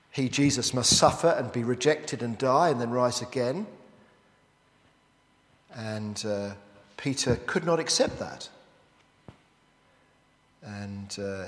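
A man preaching a sermon as he works through a Bible passage, often turning statements into rhetorical questions to the listeners. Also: medium pitch. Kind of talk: expository sermon. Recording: echoey hall with long reverb.

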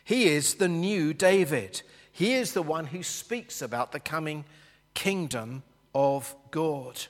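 A man teaching a Bible lesson, talking slowly and explaining patiently as he sketches a map for the class. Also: a little high, expressive, in a large hall.

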